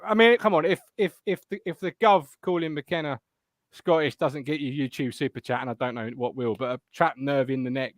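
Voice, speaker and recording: A Suffolk man with a slightly high voice hosts a live fan chat from home, sounding a little rough from tonsillitis. The sound is close and dry with no room around it, and he swears, laughs and teases himself as he goes. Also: a bit bright, dry recording. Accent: Suffolk English. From Suffolk, England. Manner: swearing, laughing, self-mocking. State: ill with tonsillitis. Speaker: fan show host.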